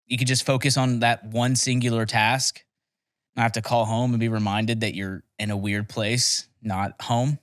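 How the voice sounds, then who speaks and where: A man's voice: mid-range voice, flat delivery, normal speed, fairly bright tone, no room sound, studio quality. A young man telling rambling, profane stories in a casual podcast chat. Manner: rambling, profane storytelling with laughs. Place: podcast studio.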